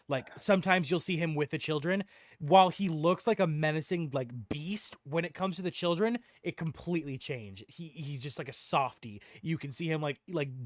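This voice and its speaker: A man's voice: fairly high pitch, no room sound. A man narrating as game master in a tabletop game, rambling with many restarts.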